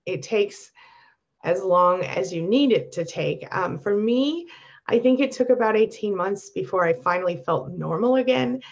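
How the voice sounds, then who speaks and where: Woman, live-stream coach, encouraging, warm, gravelly fry, muffled lo-fi audio. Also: medium pitch. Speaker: coach for narcissistic abuse survivors. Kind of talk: live-stream chat reading viewer comments.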